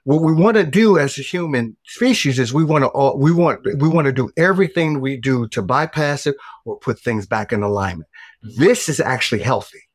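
A middle-aged man, a guest author, telling a personal story in casual conversation, animated and emphatic, swearing freely. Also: mid-range voice, brisk, no echo, clean studio sound.

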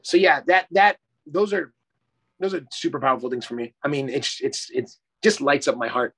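A man's voice: fairly high pitch, moderate pace, fairly bright tone, husky. A middle-aged man, a life coach, talking effusively and emphatically in a casual interview, swearing casually.

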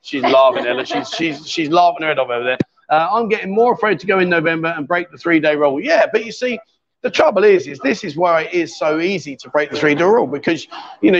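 A man's voice: a little high, muffled recording. A man in his fifties hosting a casual livestream from a busy bar, bantering and teasing his guests while holding a handheld microphone. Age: 50s. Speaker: livestream host. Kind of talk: casual chat.

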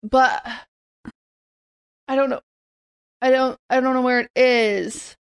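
Higher-pitched woman hosting a casual podcast. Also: slow, smooth, no room sound, studio quality. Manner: animated, rambling with restarts. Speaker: podcast host. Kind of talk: casual chat.

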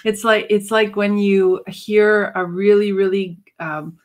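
A woman's voice: mid-range voice, steady tone, slow pace. A woman co-hosting a casual faith podcast, chiming in supportively with her own examples. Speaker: podcast co-host.

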